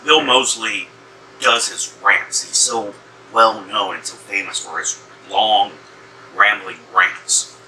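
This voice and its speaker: A man co-hosting a casual movie chat, adding quick, knowing remarks. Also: on the low side, steady tone, pushed and bright. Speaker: co-host. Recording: distant mic with faint room hum.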